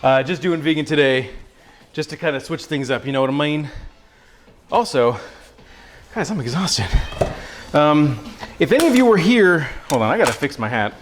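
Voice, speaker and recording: A man's voice: mid-range voice, normal speed, a little hiss or hum. A young man hosting a casual cooking livestream, joking and chatting with his viewers as he cooks. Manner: playful, joking, talks to chat viewers.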